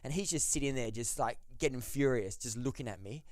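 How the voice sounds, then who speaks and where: A man's voice: medium pitch, brisk, a little mellow, dry recording, clean studio sound. A man telling a story as a podcast guest, rambling, with lots of "like" and restarts. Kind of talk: casual storytelling.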